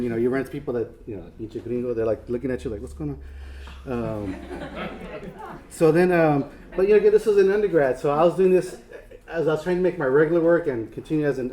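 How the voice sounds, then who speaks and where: A man's voice: medium pitch, mellow, a little hiss or hum. A man giving a casual artist talk, rambling and self-deprecating, with many fillers and restarts. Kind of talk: casual lecture.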